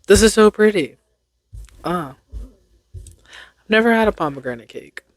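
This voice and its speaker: A woman's voice: medium pitch, animated, unhurried, no room sound, studio quality. A young woman hosting a casual solo podcast, reading tongue twisters aloud and laughing at her own stumbles. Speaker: podcast host.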